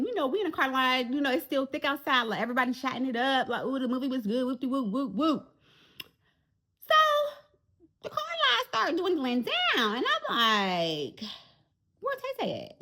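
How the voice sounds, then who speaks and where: A woman, telling an animated storytime straight to her viewers. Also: a little high. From Jacksonville, Florida. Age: 40s. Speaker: vlogger. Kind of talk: storytime vlog.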